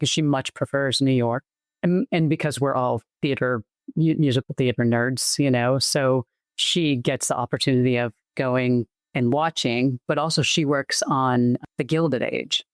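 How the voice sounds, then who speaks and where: A woman's voice: extremely low pitch, dry recording. A middle-aged woman from Massachusetts with a light Boston accent, a guest on a podcast, talking in a chatty, rambling way. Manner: chatty, rambling, quick asides. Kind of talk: casual interview chat.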